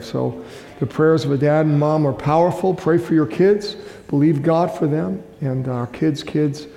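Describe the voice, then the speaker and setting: A man's voice: fairly high pitch, gravelly, warm tone. An older man, a guest pastor, preaching a sermon in a casual, storytelling way with little jokes. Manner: chatty storytelling with self-deprecating jokes. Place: large church hall. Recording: echoey hall from far off.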